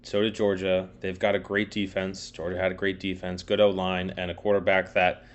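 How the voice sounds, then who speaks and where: A man's voice: low-pitched, monotone, brisk, muffled recording. A man co-hosting a podcast, chatting casually about football in a laid-back, rambling way. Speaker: podcast co-host. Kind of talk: casual sports chat.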